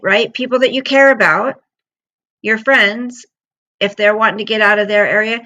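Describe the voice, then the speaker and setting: A woman's voice: medium pitch, pushed and bright, low-quality recording. Chatty middle-aged woman streaming to viewers. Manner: chatty, rambling, emotional storytelling. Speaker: livestream host. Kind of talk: casual chat with viewers.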